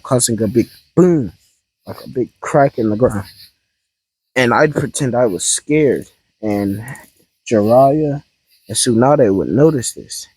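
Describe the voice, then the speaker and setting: A man's voice: mid-range voice, darkish tone, husky, no room sound, rough recording. A man casually improvising a fan-fiction story, rambling and hesitant with many ums and restarts.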